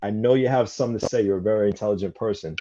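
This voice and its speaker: A man hosting a casual radio interview, affirming his guests with quick okays. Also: fairly low pitch, mellow, a little hiss or hum. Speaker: radio show host. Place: radio studio. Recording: dull lo-fi radio studio sound.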